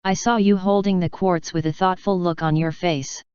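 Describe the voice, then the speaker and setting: A woman voicing an earnest young female crystal pony in a storybook reading, gentle and sincere. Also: on the low side, fairly even intonation, moderate pace, smooth, dry recording, close to an everyday voice. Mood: hopeful. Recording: dull lo-fi dry recording.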